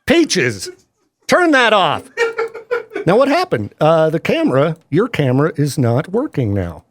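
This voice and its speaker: In a studio at the mic, a male radio DJ chats casually and trades jokes, breaking into quick laughs. His voice sits on the high side and swings hugely in pitch.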